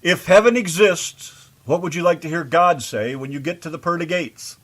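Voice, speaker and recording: A man's voice: fairly high pitch, normal speed, fairly bright tone, dry recording. A man hosting an internet radio interview, reading out numbered questions in a teasing way. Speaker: radio show host.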